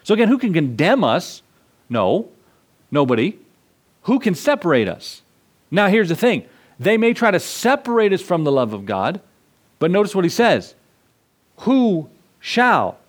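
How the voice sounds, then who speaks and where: A fairly high-voiced man preaching. He swings from loud, emphatic declarations to quiet asides and acts out the voices of the people in his stories. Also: sing-song, unhurried, long pauses, breathy edge. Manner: impassioned preaching with sudden swings between loud and soft; acts out dialogue in a storyteller's voice. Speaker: pastor. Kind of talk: sermon.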